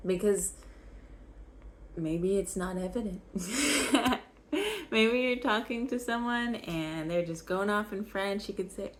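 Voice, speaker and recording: A woman's voice: medium pitch, animated, a little slow. A young woman teaching basic vocabulary, patiently repeating each word so learners can follow along. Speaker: French teacher. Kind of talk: slow vocabulary lesson.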